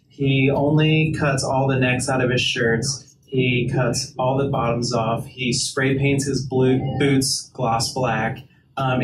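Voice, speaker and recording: Rambling, laid-back man in a roomy hall. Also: medium pitch. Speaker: guest artist. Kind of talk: casual onstage interview. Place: live event venue. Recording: roomy, distant mic, ambient noise.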